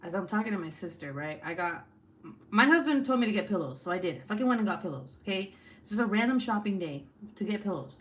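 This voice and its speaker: A woman's voice: mid-range voice, animated, fast. A woman hosts her livestream in a loose, chatty way. She swears freely and breaks into laughter as she tells her stories. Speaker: livestream host. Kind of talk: casual chat and storytelling.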